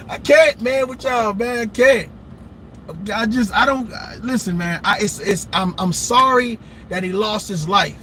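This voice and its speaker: Man, very high voice, bright and forceful, profane preachy rant, reaction host. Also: a little slow, a little hiss or hum. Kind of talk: ranting commentary.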